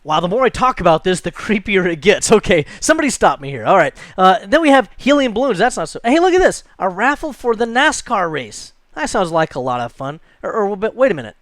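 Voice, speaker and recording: Guy doing a computer tutorial, high animated voice, jokes around, dry close mic. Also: quick pace, few pauses, no echo. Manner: jokey, chatty, thinks aloud. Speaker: computer instructor. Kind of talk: screen-recorded software tutorial.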